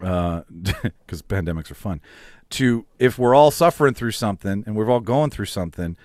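A man's voice: lowish voice, lively intonation, moderate pace, a little mellow, no room sound, studio quality. A man hosting a casual podcast chat, loose and profane, laughing often. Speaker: podcast host.

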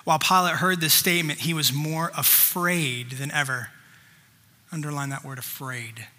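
A man's voice: a little high, steady tone, normal speed, bright, forceful tone, long reverb tail. A man preaching a sermon, reading scripture aloud and stopping to stress points with emphatic asides. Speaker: pastor.

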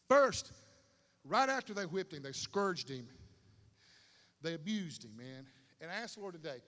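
A man preaching a sermon in a lively, conversational way with slang asides, in a large stadium. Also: high-pitched. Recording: long hall reverb.

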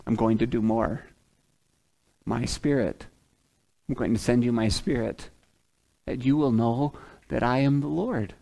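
A man preaching a sermon as a pastor, swinging from loud emphatic lines to hushed ones and acting out quoted speakers. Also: mid-range voice, vocal fry. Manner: acts out the prophet's and God's words in quoted asides.

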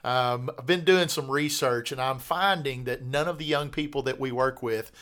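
A man's voice: mid-range voice, normal speed, a bit bright. A man hosting a podcast, chatting casually and teasing with lots of fillers, at a studio mic. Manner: joking, teasing, hesitant with fillers. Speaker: podcast host. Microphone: studio podcast mic at a table.

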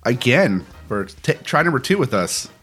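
A man co-hosting a podcast jokes along with the host and laughs often. His voice swings lively up and down. Faint music plays quietly behind him. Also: mid-range voice, normal speed. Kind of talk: casual podcast chat.

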